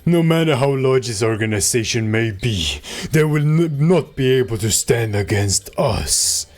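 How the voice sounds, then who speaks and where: A man voicing a grandiose young self-styled dark overlord in a video game, with a theatrical delivery. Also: medium pitch, lively intonation, a little slow, natural voice.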